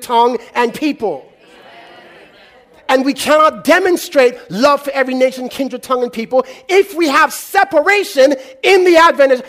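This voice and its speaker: A man preaching a sermon in a call-and-response style, swinging between loud exclamations and hushed, low delivery.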